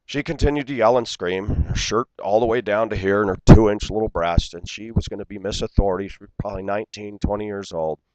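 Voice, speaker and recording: A man's voice: on the low side, fairly quick, few pauses, very noisy. A man in his forties telling an aggrieved story in an indignant, ranting way, acting out the dialogue. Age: 40s. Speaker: vlogger.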